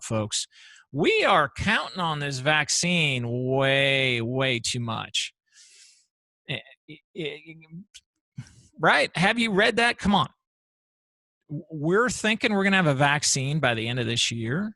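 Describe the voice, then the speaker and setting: A man hosting his own show, giving an animated, rambling solo commentary full of restarts. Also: fairly high pitch, dry recording. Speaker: show host.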